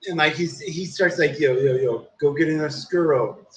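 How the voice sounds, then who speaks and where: A young man with a voice pitched a bit high tells a long, winding story in loose, casual talk. He swears freely and drops "dude" into nearly every sentence. The room around him rings with echo. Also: moderate pace. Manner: profane, rambling, says "dude" constantly. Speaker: live streamer. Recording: echoey room.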